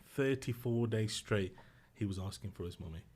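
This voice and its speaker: Middle-aged man, podcast guest, low voice, quiet and halting, emotional storytelling. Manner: subdued, emotional, halting with restarts. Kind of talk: personal storytelling.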